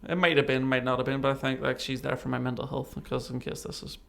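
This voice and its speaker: Gravelly and mid-pitched, this man talks fast as a podcast guest sharing something that happened to him. He's animated throughout the casual storytelling interview and voices the lines people said to him.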